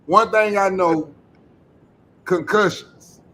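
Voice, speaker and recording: A man's voice: high voice, slow, sharp tone. A man on a casual chat panel, giving emphatic, preachy advice in blunt, profane language.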